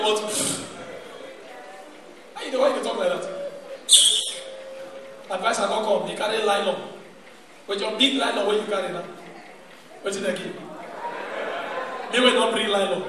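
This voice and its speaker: A man with a Nigerian accent doing animated stand-up comedy, breaking into shouts and acting out characters. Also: high voice, moderate pace, long pauses, background noise. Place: large live comedy venue. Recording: echoey live hall from far off. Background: crowd laughing.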